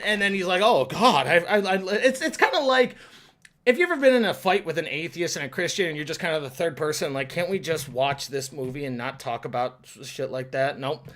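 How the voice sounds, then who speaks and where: A young man giving a casual, rambling movie review, excitable and quick to swear. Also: high voice.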